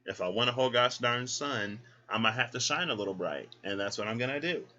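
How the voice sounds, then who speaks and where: A man's voice: medium pitch, fairly quick, bright, forceful tone. Sassy, chatty male tarot reader. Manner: sassy, chatty, talks to the listener as "girl". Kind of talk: casual tarot reading talk. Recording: dull lo-fi sound.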